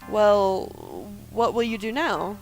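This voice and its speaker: A breezy, chatty woman in her thirties, read by a woman playing through a game. She talks in a bright, easygoing way with a mid-range voice, over faint background music. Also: medium pitch, slow pace.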